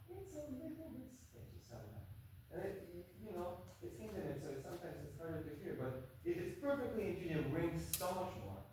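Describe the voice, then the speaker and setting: Guy giving a viola masterclass, bit higher voice, keeps asking "you know?", super echoey room, mic way off. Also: animated, brisk, few pauses, darkish tone, recorded from a distance, slight background noise. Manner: emphatic, keeps checking in with the student. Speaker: viola teacher leading a masterclass. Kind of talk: masterclass teaching.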